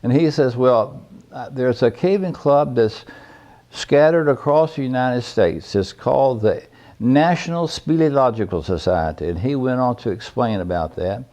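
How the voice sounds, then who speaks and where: A man's voice: mid-range voice, expressive, normal speed, darkish tone, muffled recording. An older man telling personal stories in a folksy, plainspoken, rambling way. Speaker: veteran caver recounting his history. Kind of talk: personal storytelling.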